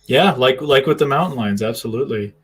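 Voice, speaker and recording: A man's voice: mid-range voice, animated, a little fast, husky. A man from southern New Hampshire hosting a casual live stream, affable and agreeable, reading viewer comments aloud.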